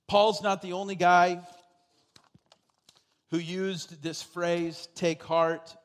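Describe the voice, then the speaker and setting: A man preaching a sermon as pastor, emphatic and repetitive, building to loud exhortations. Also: high voice, big-room sound.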